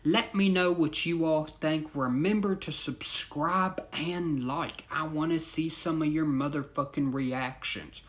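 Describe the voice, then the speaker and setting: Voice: medium pitch, steady tone, a little slow, hardly any pauses. A storyteller telling a crude comic story, laughing and talking straight to listeners.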